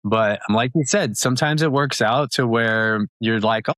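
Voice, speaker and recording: A man in his thirties, an upbeat and chatty interview guest who talks quickly with many fillers and laughs. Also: mid-range voice, fairly bright tone, no room sound. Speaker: podcast guest. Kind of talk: casual interview talk.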